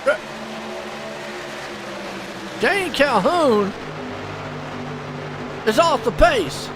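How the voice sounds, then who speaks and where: A man calling a live sim race play-by-play, excitable and folksy. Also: very high-pitched, extremely slow, noisy background. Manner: excitable, folksy, puzzled asides. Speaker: race commentator.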